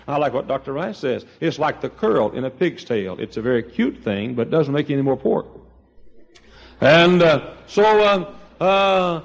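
An older man from East Texas preaching with a folksy storytelling manner. His voice sits fairly high and swoops widely, dropping to near-mutters and then climbing into ringing, high-pitched cries. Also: big pitch swings, moderate pace, vocal fry. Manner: folksy storytelling preacher, swings from quiet asides to loud high exclamations. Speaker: pastor. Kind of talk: sermon.

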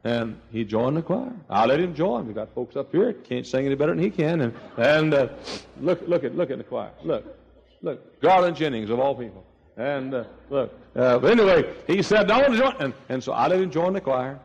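A man's voice: medium pitch, animated, a little fast, creaky, breathy edge, long reverb tail, highs cut off. A man preaching a sermon, telling stories and acting out voices, with many restarts. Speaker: pastor. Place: church sanctuary.

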